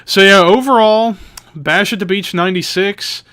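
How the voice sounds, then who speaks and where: A man's voice: high-pitched, moderate pace, bright, forceful tone. A man co-hosting a podcast, telling an easygoing story in casual chat. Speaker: podcast co-host.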